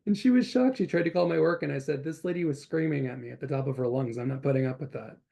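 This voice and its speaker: A man's voice: a little high, quick pace, gravelly, warm tone. A man hosting an interview, telling blunt, self-assured stories of his own. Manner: blunt, self-assured anecdotes with short laughs. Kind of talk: casual interview chat.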